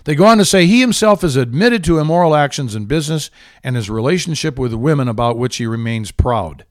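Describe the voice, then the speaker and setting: A man's voice: medium pitch, animated, fairly quick, dry recording. A man hosting a political talk show, ranting with heated, indignant sarcasm. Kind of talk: angry political commentary.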